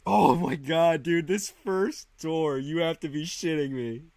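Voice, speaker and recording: Male stream host, higher pitch, dry close sound, emotional and profane commentary. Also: a little slow, creaky, darkish tone, no room sound. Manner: emotional, profane, repeats himself. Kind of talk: live storm coverage commentary.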